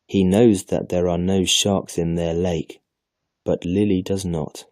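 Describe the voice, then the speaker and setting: A man reading a children's story aloud slowly and carefully for an English lesson. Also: deep voice, no echo, studio quality. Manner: slow, careful, even reading.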